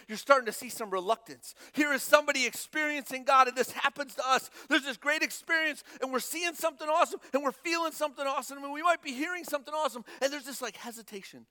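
A young male pastor preaching a sermon, animated, acting out the Bible dialogue in shifting voices. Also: very high-pitched, quick pace.

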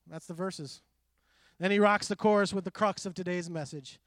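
A middle-aged man preaching a conversational sermon, animated and full of quoted asides. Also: sits high, normal speed, no room sound, studio quality. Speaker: pastor.

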